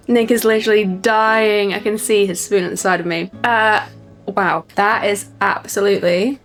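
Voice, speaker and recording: A young woman chatting casually in a home vlog, enthusiastic and sometimes dropping to a soft hush. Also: mid-range voice, steady tone, moderate pace, faint music behind. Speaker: vlogger. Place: cosy home reading corner.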